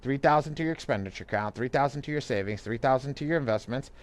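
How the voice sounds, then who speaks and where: A credit coach co-hosting a live online money class talks fast in a medium-pitched voice. His delivery is loose and rambling, with lots of restarts and easy laughter.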